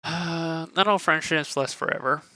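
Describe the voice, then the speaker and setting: A man's voice: fairly high pitch, moderate pace, sharp tone, no room sound. A male streamer reading a dating game aloud in a candid, joking way.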